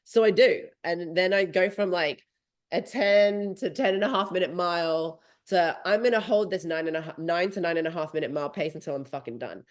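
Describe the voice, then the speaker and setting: A woman in her thirties hosting a podcast, telling a story in a lively, casual way and swearing freely. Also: on the low side, a little fast. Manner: animated, swearing freely, acting out her own thoughts. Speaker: podcast host.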